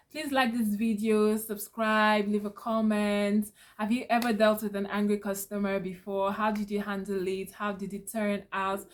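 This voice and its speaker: Calm woman giving advice to camera. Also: medium pitch. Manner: calm, instructive, addresses viewer directly with "okay?". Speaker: channel host giving business tips. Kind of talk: direct-to-camera advice talk.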